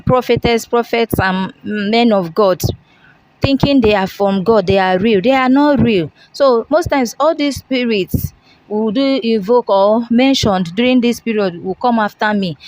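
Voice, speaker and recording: A woman's voice: fairly high pitch, dry recording, low-quality recording. A young woman, giving a long earnest confession and acting out the dialogue as she tells it. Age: young adult. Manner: storytelling, acts out dialogue, earnest. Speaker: interviewee confessing.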